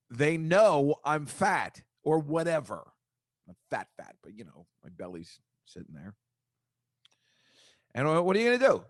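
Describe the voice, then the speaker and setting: A man's voice: dry recording, clean studio sound. A man hosting his own podcast, rambling in a casual, self-deprecating comic monologue. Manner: rambling, self-deprecating, shifts pitch a lot. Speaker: podcast host.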